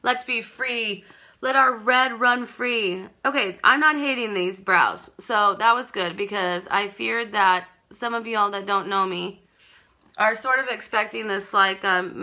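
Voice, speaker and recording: A talkative woman runs a live makeup tutorial from home. Her voice is strikingly bright and ringing. She rambles as she works and chats with viewers by name. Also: mid-range voice. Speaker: makeup seller demonstrating products.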